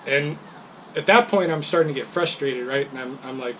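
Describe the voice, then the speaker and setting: A woman's voice: rumbling low, normal speed, a bit bright, slight background noise, rough recording. A woman telling a rambling, increasingly heated story about a complaint as a customer. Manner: rambling, grows heated and laughing when frustrated. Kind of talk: casual storytelling.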